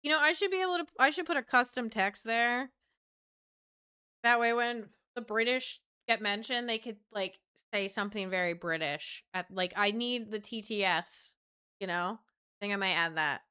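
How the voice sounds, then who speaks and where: A woman's voice: on the high side, moderate pace, sharp tone, clear, resonant tone. A woman streamer chatting casually with her viewers, playful and loose, swearing freely.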